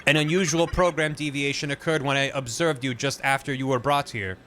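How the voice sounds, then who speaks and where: A proud talking computer, played by a man, speaking in slow, flat, formal sentences. It sounds precise and self-assured, with a bright, forceful tone and a faint hiss behind it. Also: mid-range voice, natural voice. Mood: stiff, formal. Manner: stiff, measured robotic delivery.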